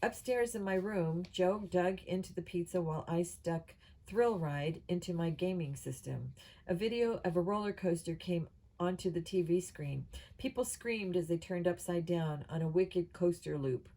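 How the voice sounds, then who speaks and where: A woman reads a children's mystery novel aloud, steady and plain, now and then stumbling and restarting a word. Her voice is mellow and sits a bit low. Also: moderate pace, rough recording. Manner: steady reading with small slips. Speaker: audiobook reader.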